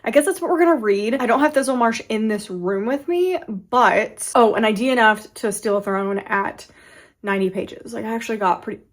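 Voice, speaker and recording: A woman's voice: a little high, fairly quick. Chatty woman rambling about books. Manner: rambling, self-interrupting, with frequent restarts. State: hiccups. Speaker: book vlogger. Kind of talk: casual chatty vlog.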